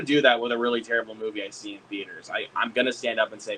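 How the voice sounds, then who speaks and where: A man streaming a casual hangout chat, excitable, swearing a lot and laughing often. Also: fairly low pitch, very fast, slight background noise, low-quality recording.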